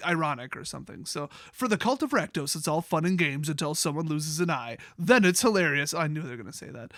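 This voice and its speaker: High-voiced sarcastic man with Wisconsin accent. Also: a bit bright, dry recording, studio quality. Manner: sarcastic, joking asides between read-out passages. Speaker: YouTube host. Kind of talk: comedic card lore review.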